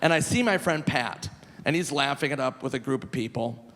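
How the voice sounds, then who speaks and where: A man in his forties performing a live stand-up comedy set, animated and loose, breaking into squealing high voices for punchlines. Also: fairly quick. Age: 40s. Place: large theater stage. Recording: live venue with long reverb, faint noise.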